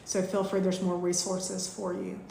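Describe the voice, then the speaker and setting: A woman, teaching a live online spiritual class in a gushing, heartfelt way with drawn-out thank-yous. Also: fairly low pitch, monotone, creaky, dark tone, slight background noise. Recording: echoey room.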